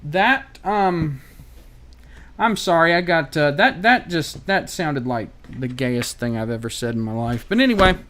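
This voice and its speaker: A fairly high-pitched American man talks through a laptop repair on a live stream. He is offhand and wry, swears now and then, and thinks out loud between tasks. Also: animated, a little slow. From United States. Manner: casual, wry and profane, thinking aloud while working.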